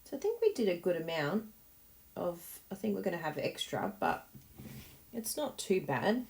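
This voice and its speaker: A woman's voice: fairly low pitch, sing-song, moderate pace, creaky, darkish tone. A woman hosting a card-making tutorial, chatting encouragingly and thinking aloud as she works. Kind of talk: casual tutorial talk while crafting.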